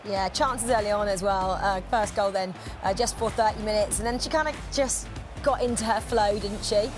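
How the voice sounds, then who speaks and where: Relaxed woman pundit. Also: mid-range voice, moderate pace, music in the background. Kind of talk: analysis.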